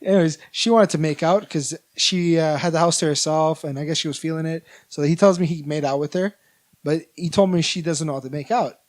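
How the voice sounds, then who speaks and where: A man's voice: fairly high pitch, brisk. A man, co-hosting a casual podcast and rambling through stories with lots of fillers and restarts. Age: 20s. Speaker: podcast co-host. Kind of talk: casual chat.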